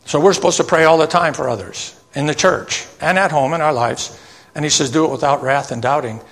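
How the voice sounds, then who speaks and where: A man preaching a sermon, reading old scripture verses slowly and then explaining them in plain asides that end with "okay?". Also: fairly high pitch, a bit bright. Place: church sanctuary. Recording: long church reverb.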